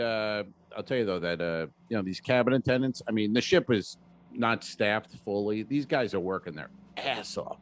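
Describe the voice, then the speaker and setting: A man with a Rhode Island accent, a comedian co-hosting a podcast, telling a rambling story in deadpan complaints with lots of fillers. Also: mid-range voice. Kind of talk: casual comedy podcast chat.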